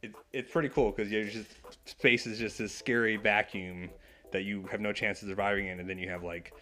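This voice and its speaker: Man co-hosting a comic-book chat, fairly low voice, animated, acts out lines, soft music bed. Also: brisk. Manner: animated, acts out characters' lines while retelling. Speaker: podcast co-host.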